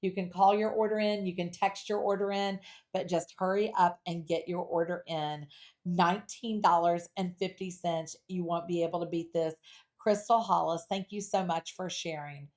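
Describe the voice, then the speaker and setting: A woman's voice: lowish voice, normal speed. Chatty, playful woman hosting a live jewelry sale. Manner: chatty, playful and animated, reading viewer comments aloud. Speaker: home shopping host. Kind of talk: live jewelry sales pitch.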